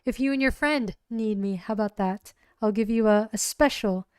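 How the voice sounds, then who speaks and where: A woman's voice: medium pitch, moderate pace, darkish tone, clear, resonant tone, dry recording, studio quality, lightly acted. A woman voicing a flirtatious female bar hostess in a cyberpunk tabletop game, coaxing and calling people honey.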